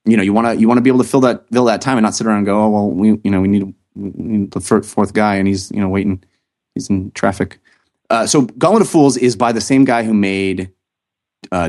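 A man's voice: low voice, darkish tone. A man hosting a casual podcast, chatting enthusiastically and rambling with frequent restarts and fillers. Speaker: podcast host.

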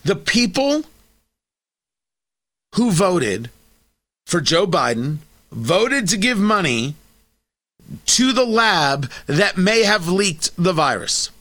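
A male talk host with a high, bright voice delivers opinionated political commentary. He swings his pitch widely and hammers his points through repetition. Sarcastic asides cut into his arguments. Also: big pitch swings, slow pace, long pauses.

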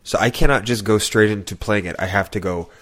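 Low-voiced laid-back man chatting. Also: a little fast, a bit bright. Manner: laid-back, laughs easily, thinks aloud while searching online. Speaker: podcast co-host. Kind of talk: casual chat.

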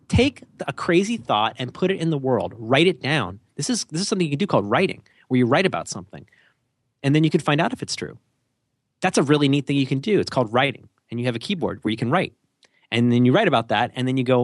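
A man's voice: on the high side, fast talker, no room sound, clean studio sound. A man co-hosting a podcast, talking in a casual, rambling, jokey way and often cutting himself off. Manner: animated, jokey, rambling with self-interruptions. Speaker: podcast co-host.

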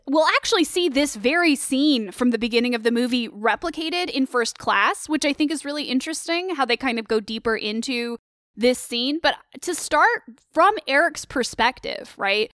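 A woman co-hosting a casual film discussion, animated and opinionated with quick asides. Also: on the high side, no room sound, studio quality. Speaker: co-host of a film discussion show. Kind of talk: casual film commentary chat.

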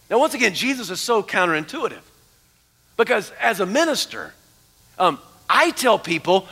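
A man preaching a sermon as pastor, animated, dropping to hushed tones for emphasis. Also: sits high, moderate pace. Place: church sanctuary. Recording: long church hall reverb.

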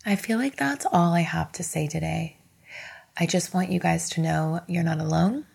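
A woman's voice: lowish voice, moderate pace, creaky, darkish tone, slightly rough. A woman in her thirties hosting a casual solo podcast from her bed at home, candid and emotional, encouraging her listeners and swearing casually. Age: 30s. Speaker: podcast host.

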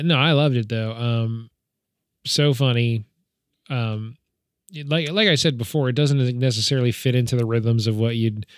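A man's voice: medium pitch, clean tone, no echo, studio quality. A man co-hosting a podcast, chatting casually about a movie, rambling and acting out lines with laughs. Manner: rambling, acts out quotes with laughs. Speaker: podcast co-host. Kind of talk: casual film discussion.

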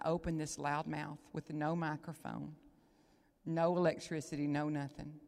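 A woman's voice: deep voice, level tone, moderate pace, gravelly. Emotional woman preaching in a hall. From Texas. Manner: swings from loud proclaiming to hushed whispers; emotional, near tears. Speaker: guest preacher. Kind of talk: emotional sermon. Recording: long hall reverb.

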